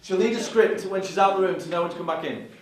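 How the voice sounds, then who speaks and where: A man's voice: high-pitched, fast talker, a little hiss or hum. A man directing a student film rehearsal, bossy and exasperated. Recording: echoey room from afar.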